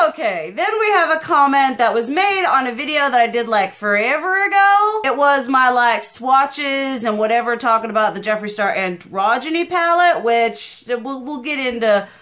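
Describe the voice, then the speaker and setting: A young woman talking in a casual beauty vlog, loud, passionate and emphatic in a chatty, animated way. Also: fairly high pitch. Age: young adult. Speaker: beauty vlogger.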